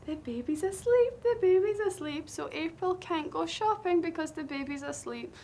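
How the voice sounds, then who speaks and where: A woman's voice: extremely high pitch, moderate pace, a little mellow, slight background noise. A woman presenting a playful teaching sketch, giggling and shushing as she models phrases.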